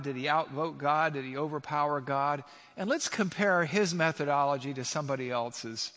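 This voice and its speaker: A man delivers a sermon with emphatic, rising delivery, peppering it with rhetorical questions. His voice sits a touch higher than most men's. Long reverb from a large hall trails after his words. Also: a bit bright. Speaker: pastor.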